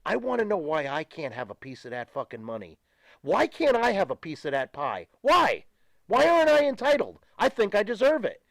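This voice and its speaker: A man's voice: on the high side, big pitch swings, fairly quick, dry recording. An older man, a retired pro wrestler, ranting emphatically and with profanity as a guest in a studio interview.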